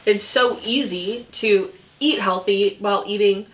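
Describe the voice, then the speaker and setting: A woman guest in a casual chat, talking in an animated way and acting out what people said. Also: mid-range voice, measured pace, recorded from a distance. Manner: animated, laughing, acts out quotes. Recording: roomy room, mic from afar, faint noise.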